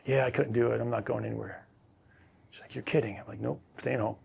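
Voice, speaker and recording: Gravelly husky-voiced man. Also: mid-range voice, quick pace. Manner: relaxed, rambling with frequent fillers and restarts. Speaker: interview guest, former quarterback. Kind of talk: casual storytelling.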